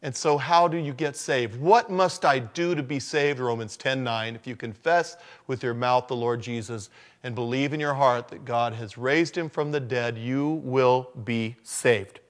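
A man preaching a conversational sermon, dropping to low murmurs and then rising to loud, emphatic lines. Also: measured pace. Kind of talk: sermon on evangelism.

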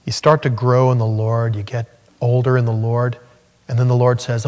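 A male pastor delivers an earnest sermon with a mid-pitched voice that jumps up when he acts out scripture. His voice carries a long reverb through the church hall. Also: moderate pace. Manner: earnest, animated preaching that rises sharply when acting out scripture.

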